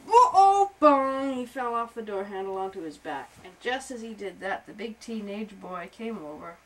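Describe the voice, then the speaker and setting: A woman improvising a story for a young child at home, animated, with playful sound effects and soft asides. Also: medium pitch, moderate pace, poor audio.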